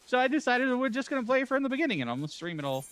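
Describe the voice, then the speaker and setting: A man's voice: very high-pitched, big pitch swings, rapid-fire, fairly bright tone, smooth. A man streaming a game, reacting with incredulous, laughing comments as he plays. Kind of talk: casual gaming stream commentary.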